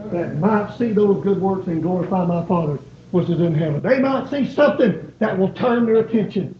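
High-voiced preacher in an echoey church. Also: male voice, lively intonation, normal speed. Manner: rising, pleading preaching with emphatic repetition. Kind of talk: sermon. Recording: echoey, dull church recording.

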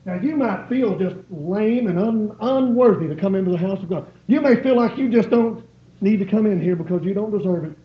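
His voice sitting high and a bit fast with lively intonation, a man preaches in church, pleading and driving his points home through repetition and rising emphasis. The recording is echoey and dull, with some hiss or hum.

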